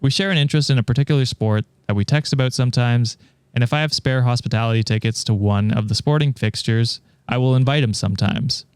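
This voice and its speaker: A man hosting a podcast who reads a story aloud at a steady pace and laughs easily in the chat between passages. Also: mid-range voice, quick pace, clean tone, dry recording. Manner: steady reader, laughs often between remarks. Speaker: podcast host reading stories. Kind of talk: reading aloud and casual chat.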